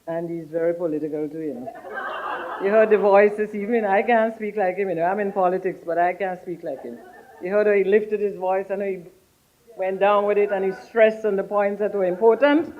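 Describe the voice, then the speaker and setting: A man's voice: high voice, steady tone, a little fast, narrow, tinny audio, background noise. A man speaks casually from a podium as a tourism minister, chatty and joking with frequent tag questions. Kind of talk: informal podium speech.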